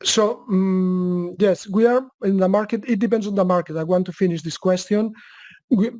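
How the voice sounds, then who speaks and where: A man with a Spanish accent presenting a webinar, answering questions in a halting way with repeated words. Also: high-pitched, dark tone, no room sound. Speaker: webcast presenter.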